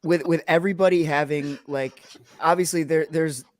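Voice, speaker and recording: A man's voice: a little high, fairly even intonation, moderate pace, no echo, clean studio sound. A man hosting a podcast, chatting casually and rambling as he searches for words. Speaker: podcast host.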